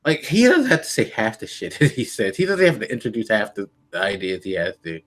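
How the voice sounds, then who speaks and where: A man co-hosting a casual political podcast, earnest and hesitant, pausing on frequent ums as he works through his points. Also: fairly low pitch, huge pitch swings, a bit bright. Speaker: podcast co-host.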